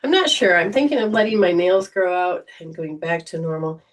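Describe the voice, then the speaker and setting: Low-voiced woman doing psychic readings on a stream, chatty and rambly, mic kinda far away. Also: a little fast. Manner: chatty, rambling, warm storytelling. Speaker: psychic reader and livestream host. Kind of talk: casual livestream chat.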